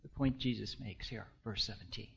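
A man in his sixties, a pastor, preaching a sermon with rhetorical questions to the congregation, swinging between hushed asides and loud emphasis. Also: lowish voice, moderate pace, gravelly, breathy edge, highs cut off. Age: 60s.

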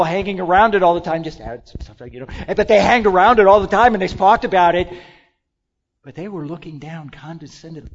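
Man preaching, high-pitched, calls out to the congregation and drops to quiet asides; muffled low-fidelity sound. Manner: call-and-response, swings from loud exclamations to hushed asides. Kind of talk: sermon.

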